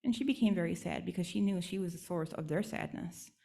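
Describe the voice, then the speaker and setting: A woman's voice: lowish voice, brisk, creaky, mellow. A woman speaker at a church service, telling a traditional legend in an instructive, storytelling way.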